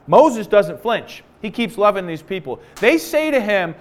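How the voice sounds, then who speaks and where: High-voiced man preaching animatedly. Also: moderate pace, hardly any pauses. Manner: animated, jokey, conversational. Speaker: pastor. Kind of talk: sermon. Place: indoor room with congregation.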